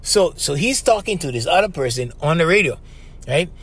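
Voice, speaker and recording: A middle-aged man from Hawaii hosts a casual solo podcast, spinning loose stories in a Hawaiian Pidgin-tinged accent, calling the listener "bro" and asking "right?" His voice is fairly high and expressive, at a normal speed, with a fairly bright tone and a breathy edge.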